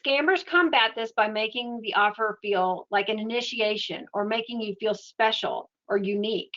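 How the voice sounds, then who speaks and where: Woman, webinar presenter, steady explanatory tone, muffled computer-mic sound. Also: mid-range voice, normal speed. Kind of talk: educational webinar talk.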